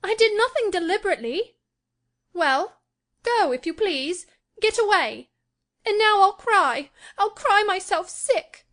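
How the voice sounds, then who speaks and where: A woman voicing a shrill, headstrong young lady. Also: expressive, measured pace, fairly bright tone, full character voice. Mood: distraught. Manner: shrill, high-strung pleading. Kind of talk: audiobook character voice.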